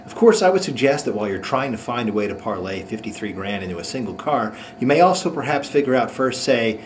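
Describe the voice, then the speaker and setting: A man's voice: medium pitch, expressive, slight background noise. Sarcastic ranting man hosting. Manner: mocking, ranting, quick asides. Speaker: host. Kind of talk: sarcastic comic monologue.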